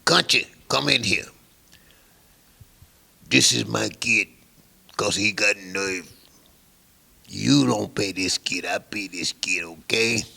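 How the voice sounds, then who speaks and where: A man's voice: deep voice, slow pace, gravelly, bright, forceful tone, full character voice. A man putting on the voice of a cigar-chewing older mob boss who barks short, brusque orders. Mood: commanding.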